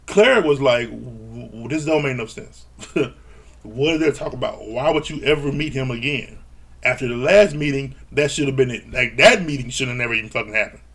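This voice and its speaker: Exasperated man ranting with a gravelly voice. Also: medium pitch, brisk, a bit bright. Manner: blunt, exasperated, swears often. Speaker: reality TV reviewer. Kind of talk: casual ranting recap.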